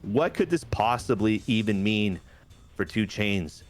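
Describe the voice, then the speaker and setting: A man's voice: lowish voice, expressive, a little slow. A man hosting a game playthrough, narrating the story in a hyped, playful way. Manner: hyped, playful, says "baby" a lot. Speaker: host. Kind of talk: casual game commentary.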